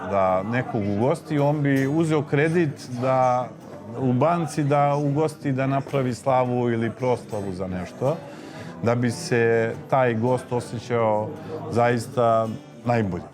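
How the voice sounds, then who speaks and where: A mid-pitched man explains a custom in a documentary interview. Guitar music is clearly audible behind him. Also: a little slow.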